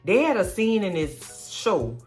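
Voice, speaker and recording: A woman recapping a TV episode in casual, blunt, profane chat, swooping up in pitch to stress her points. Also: measured pace, faint music behind. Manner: blunt, profane, chatty commentary; expressive, swoops high for emphasis. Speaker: TV recap vlogger.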